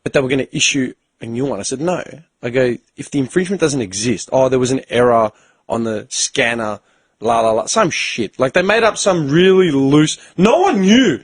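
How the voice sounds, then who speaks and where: Husky Australian man telling stories. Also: medium pitch, normal speed, no echo. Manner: profane, animated storyteller who acts out both sides of conversations. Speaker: podcast host. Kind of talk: casual storytelling chat.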